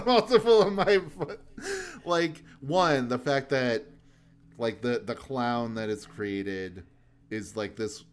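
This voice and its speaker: A man's voice: medium pitch, slow pace. A man co-hosting a podcast in casual chat, rambling along with lots of restarts and fillers. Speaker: podcast co-host.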